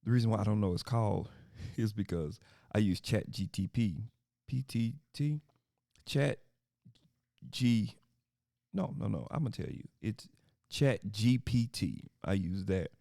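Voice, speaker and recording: A man in his thirties hosting a podcast in a loose, joking chat, often laughing and breaking into high voices to mock people. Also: unhurried, creaky, pauses often, no echo, clean studio sound. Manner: animated, laughing, jumps into high mocking voices. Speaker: podcast host. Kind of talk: casual solo podcast chat.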